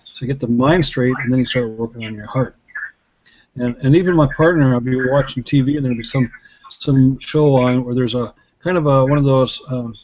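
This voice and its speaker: A middle-aged man speaks earnestly and reflectively, stopping to restart his sentences as he tells his story. His voice sits at an ordinary middle pitch. The recording is dull and lo-fi, with a faint hiss underneath. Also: a little mellow. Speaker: healer and guest speaker. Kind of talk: casual storytelling talk.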